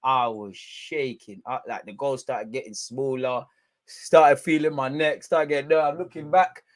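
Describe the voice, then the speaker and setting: A young man with a London accent, chatting casually on a football watch-along stream in heavy slang, swinging between loud hype and low mutters. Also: fairly even intonation, a little slow. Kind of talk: casual live-stream chat.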